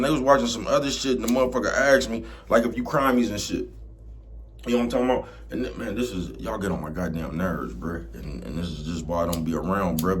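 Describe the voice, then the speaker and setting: Laid-back man with a low voice, AAVE slang. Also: slight background noise. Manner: streetwise slang, repeats "you know what I'm talking about"; laid-back, gets loud and heated. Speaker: vlogger. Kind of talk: casual rant to camera.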